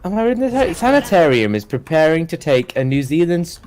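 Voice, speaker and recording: A man's voice: a little high, sing-song, quick pace, darkish tone, a little hiss or hum, poor audio. A man chatting casually on a live stream, giggling as he reads search results aloud. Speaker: streamer co-host.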